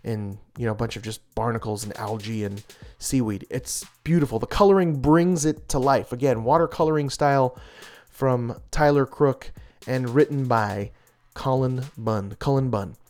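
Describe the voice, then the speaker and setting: A man's voice: medium pitch, moderate pace, darkish tone, faint music behind. A man reviewing comic books in an enthusiastic, casual way, gushing with frequent restarts and small laughs.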